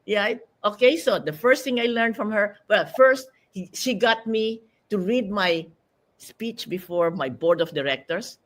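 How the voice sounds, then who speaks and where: A woman's voice: medium pitch, a little slow. Older Filipina woman telling a story. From Philippines. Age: 80s. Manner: animated storyteller who acts out quotes. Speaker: guest. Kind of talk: interview storytelling.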